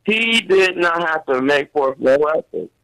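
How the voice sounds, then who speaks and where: A man's voice: fairly high pitch, expressive, unhurried, gravelly, a bit bright, no echo, low-quality recording. A man, a guest on a talk show, arguing local politics earnestly and emphatically in informal speech.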